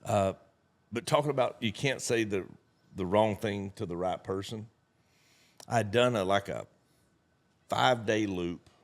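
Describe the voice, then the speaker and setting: A man with a drawl who spins folksy stories in a relaxed chat. He acts out every line of dialogue himself. His voice sits on the low side. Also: measured pace, pauses often. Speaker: network marketing leader. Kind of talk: casual chat.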